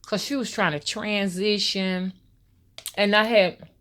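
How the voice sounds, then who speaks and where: A woman's voice: medium pitch, steady tone, slow pace, a bit bright. A woman tells a rambling, personal story straight to her viewers. She talks casually and keeps calling out to her audience as a spiritual rootworker. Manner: loose, storytelling, addresses viewers as y'all. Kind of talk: casual spoken monologue to viewers.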